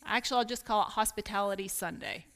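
A pastor's wife from Kentucky with a slight Kentucky accent, giving an earnest, candid talk to a women's gathering and inviting answers from the room, with light self-deprecating humor. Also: female voice, medium pitch, quick pace, creaky, fairly bright tone. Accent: Kentucky with some Northern mix. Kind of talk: candid teaching talk with audience participation.

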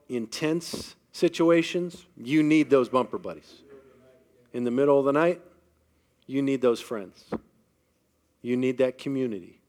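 A middle-aged pastor with a slightly high voice preaches a sermon built around personal stories. He shifts between hushed, quiet passages and loud, emphatic ones.

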